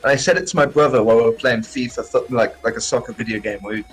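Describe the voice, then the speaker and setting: A man's voice: medium pitch, quick pace, low-quality recording. A man co-hosting a podcast, telling jokey stories in casual banter with friends and swearing freely. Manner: swearing, joking storyteller. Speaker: podcast co-host.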